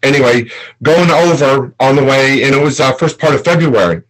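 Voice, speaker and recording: An older man tells a personal story slowly, stopping often between phrases. His voice sits at a middle pitch and comes through a video call. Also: lively intonation, low-quality recording. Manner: halting, measured, many pauses. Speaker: guest. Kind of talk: casual storytelling.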